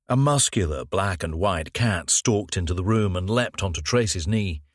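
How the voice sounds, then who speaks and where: Low-voiced male audiobook narrator. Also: animated, normal speed, hardly any pauses, no room sound, clean studio sound. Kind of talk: scripted narration.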